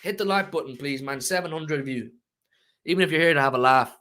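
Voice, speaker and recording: A man's voice: a little high, fast, pushed and bright. A man hosting a fan channel, ranting emotionally about football to his live chat and repeating himself for emphasis.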